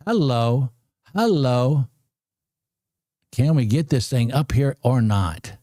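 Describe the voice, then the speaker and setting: A man in his sixties giving live commentary on a trading stream, excitable and repeating himself as he urges the market on. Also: medium pitch, slow, dry recording, clean studio sound. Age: 60s. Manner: excitable, talks to the screen, repeats phrases. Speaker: livestream trading host.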